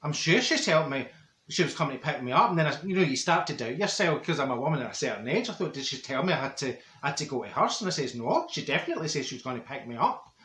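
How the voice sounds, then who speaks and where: A man performs a comedy character monologue as a chatty, middle-aged Glasgow auntie, a straight-talking gossip, telling a comic story to camera in a Glaswegian Scottish accent. His voice is on the high side, animated and fairly bright, and he talks fast in a roomy, echoing space.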